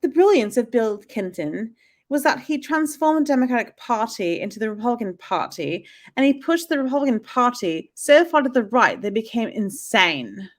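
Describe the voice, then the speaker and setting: A hammy, overdone mock British reading voice, put on by an American woman for a quote. It sits a little high and rolls along with self-mocking formality, a patchwork of British sounds. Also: expressive, normal speed, natural voice.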